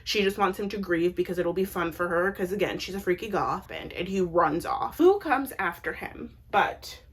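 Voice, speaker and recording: A woman's voice: fairly low pitch, animated, moderate pace, breathy edge. A young adult woman recapping TV episodes in a casual, chatty way, with lots of "like" and blunt opinionated asides. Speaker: TV recap vlogger.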